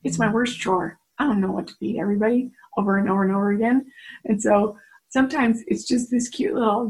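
A woman's voice: mid-range voice, steady tone, brisk, darkish tone, low-quality recording. A middle-aged woman giving an earnest personal devotional talk to women, telling stories and acting out the voices she quotes. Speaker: faith-based speaker addressing women.

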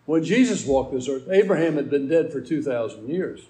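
Man, preacher, earnest explanatory sermon, somewhat high voice. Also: expressive, normal speed, few pauses, mellow. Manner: earnest, explanatory Bible teaching.

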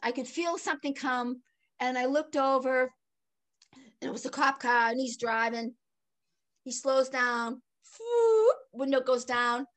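An older woman telling a personal story in conversation, animated and laughing often, swinging between excited and hushed. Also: high voice, unhurried. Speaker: guest.

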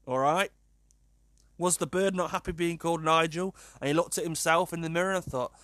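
A man hosting a podcast, reading odd news stories aloud in a casual, incredulous, animated way and swearing freely. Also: a little high, fairly quick, no room sound, clean studio sound. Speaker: podcast host.

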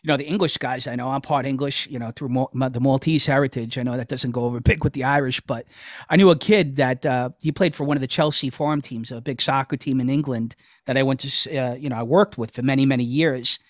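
A man's voice: mid-range voice, steady tone, quick pace, dry recording, studio quality. A man co-hosting a casual chat podcast, telling rambling stories with plenty of swearing. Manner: rambling storyteller, swears freely. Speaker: podcast co-host.

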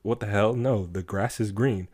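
A baffled tiger who can't believe what he is hearing, as a man puts him on in a fable. The voice is low and deep, with a slightly raised, incredulous push behind it. He argues back with open exasperation. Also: normal speed, a little mellow, husky. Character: baffled, argumentative male tiger.

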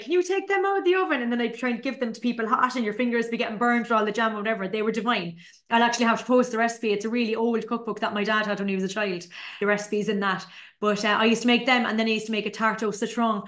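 A woman's voice: medium pitch, fairly bright tone. Chatty woman telling stories. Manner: chatty and conversational, with colloquial asides. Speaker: podcast host, chef and business owner. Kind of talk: casual storytelling.

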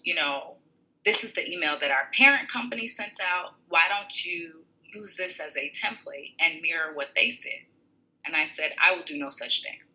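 A woman's voice: on the low side, poor audio. A woman with a podcast recounting a tense experience at her workplace, talking animatedly and acting out the people she quotes. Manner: animated retelling with quoted voices. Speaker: podcaster telling a personal story. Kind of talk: personal storytelling.

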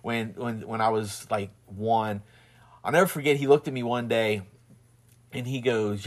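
Man, Southern twang, halting, rambling storyteller who laughs often, mid-pitched. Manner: rambling, halting, many restarts; laughs often while telling stories. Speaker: husband and father. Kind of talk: casual chat.

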